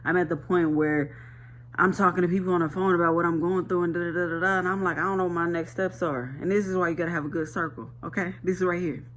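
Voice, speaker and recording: A woman's voice: on the low side, steady tone, fast, slight background noise. A woman talking casually to camera, sharing a spiritual message in a chatty, colloquial and emphatic way. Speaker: vlogger sharing a prophetic word.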